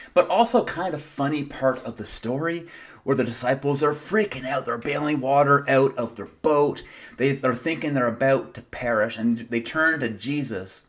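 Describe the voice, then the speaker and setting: A man preaching a sermon as pastor, earnest, asking the congregation rhetorical questions and repeating phrases for emphasis. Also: medium pitch.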